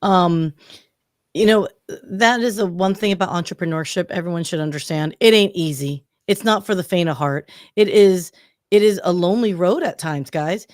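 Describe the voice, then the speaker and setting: A woman's voice: fairly low pitch, normal speed, no room sound. Enthusiastic woman host, dry sound. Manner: enthusiastic, encouraging, addresses the audience directly. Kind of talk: interview hosting.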